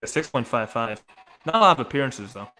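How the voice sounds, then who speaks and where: A man's voice: big pitch swings, a little fast, sharp tone. Chatty man calling baseball live. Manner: chatty, reacts to chat between pitches. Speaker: live sports commentator. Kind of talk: casual live play-by-play.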